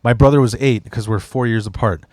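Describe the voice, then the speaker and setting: A man's voice: medium pitch, brisk, a little mellow, no room sound, studio quality. A man from Chicago hosting a podcast, telling stories in a rambling, heavily profane way full of restarts. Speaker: podcast host. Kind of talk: casual storytelling chat.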